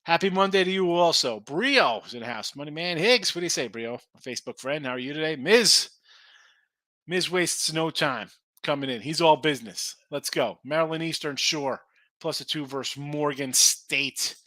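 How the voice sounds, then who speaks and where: A man's voice: on the high side, expressive, moderate pace, bright, forceful tone, no echo. A man hosting a sports betting podcast, chatting in a rambling, jokey way as he reads out viewer comments. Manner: rambling, chatty, self-correcting, jokey asides. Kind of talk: casual chat reading viewer comments.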